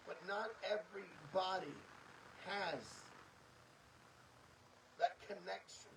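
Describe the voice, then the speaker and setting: A man's voice: sits high, lively intonation, moderate pace, far from the mic, noisy background. A middle-aged man hosting a podcast, giving an earnest, preachy motivational monologue with lots of emphatic repetition. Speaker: podcast host.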